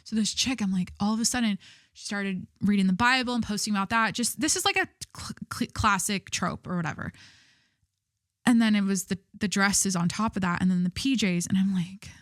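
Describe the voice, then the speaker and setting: A woman's voice: medium pitch, brisk, no room sound, studio quality. A young woman hosting her own podcast, chatting candidly and gossiping, swearing freely and laughing at herself. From Southern California. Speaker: podcast host. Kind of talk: casual solo podcast chat.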